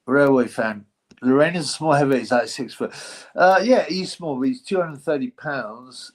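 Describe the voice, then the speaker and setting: A man's voice: mid-range voice, normal speed. A middle-aged man hosting a live stream, chatting loosely and reading out donations with plenty of slang, swearing and fillers. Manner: rambling, slangy, swears freely, lots of fillers.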